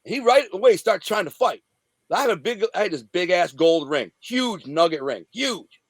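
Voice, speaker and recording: A man's voice: high voice, big pitch swings, normal speed, no echo. A man from the Detroit area, an interview guest telling a story in profane street slang and acting out the scenes. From Detroit area, USA. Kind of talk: casual storytelling.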